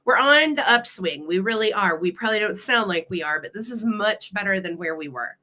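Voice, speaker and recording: A bubbly woman hosts a live sale, greeting her viewers one by one with silly nicknames. Her voice is bright and forward, though she is nursing a cold. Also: medium pitch, expressive, brisk. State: has a cold. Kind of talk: casual live-stream chat.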